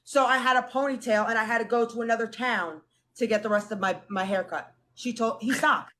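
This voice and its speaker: A young woman in casual chat, telling family stories with lively acted-out quotes. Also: on the high side, fairly quick, a little hiss or hum. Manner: animated, acts out family quotes. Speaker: guest.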